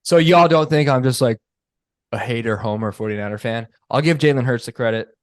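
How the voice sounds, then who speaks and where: A man with a mid-pitched voice co-hosts a casual sports podcast. He talks in halting bits, trailing off and chiming in briefly. The recording is dry and close. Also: dry recording. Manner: hesitant, filler-heavy, laughs along. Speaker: podcast co-host.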